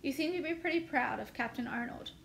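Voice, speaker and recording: A cheeky young farm boy from a storybook, pert and teasing, as a woman reads him aloud. The voice sits high, with faint ambient noise behind. The dialogue is lightly voiced rather than acted. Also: a little fast, vocal fry, fairly bright tone. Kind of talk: reading a novel aloud.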